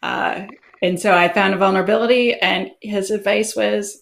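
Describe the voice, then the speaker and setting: A woman talking as an interview guest, her voice sitting at an ordinary middle pitch. She tells stories with energy, acting out quoted conversations with sudden leaps upward in her voice and laughing often. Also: normal speed, creaky. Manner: animated storyteller, acts out quoted exchanges with big pitch jumps and laughs. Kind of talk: casual interview chat.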